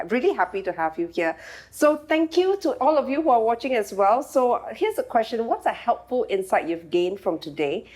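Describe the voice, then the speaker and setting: A woman hosting a podcast interview, affirming and effusive toward her guest. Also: mid-range voice. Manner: warmly affirming, effusive praise. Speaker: podcast host. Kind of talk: interview and show outro.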